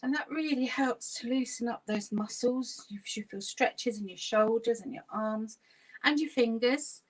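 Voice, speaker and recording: A woman leads a laughter yoga class, coaching each stretch and breath in a gentle, instructive way. Her voice sits a little high and comes out soft and breathy, and she takes her time over every instruction. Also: a little slow. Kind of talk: guided online exercise class.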